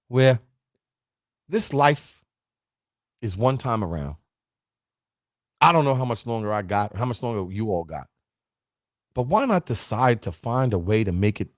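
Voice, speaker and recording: The recording is studio quality with no echo, carrying a man's medium-pitched, darkish voice. He runs a motivational livestream where he urges people never to quit, calls out viewers by name, and occasionally gets choked up.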